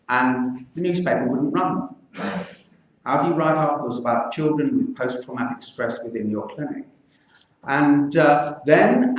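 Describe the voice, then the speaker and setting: An older man, a children's physician, speaking earnestly and with measured pauses to a public meeting. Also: fairly high pitch. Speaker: pediatric infectious disease physician. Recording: echoey hall, mic from far off.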